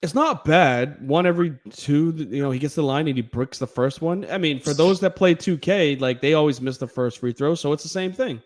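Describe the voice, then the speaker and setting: A man's voice: fairly high pitch, a little fast, hardly any pauses. A man co-hosting a sports podcast, talking casually and animatedly with laughs and playful mock voices. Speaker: podcast co-host.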